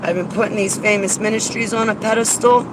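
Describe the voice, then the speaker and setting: Woman ranting bluntly by her car, argumentative, loud street traffic behind. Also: mid-range voice, steady tone, fast talker. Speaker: vlogger. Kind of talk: casual venting vlog. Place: in and around a car outdoors. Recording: outdoor traffic noise.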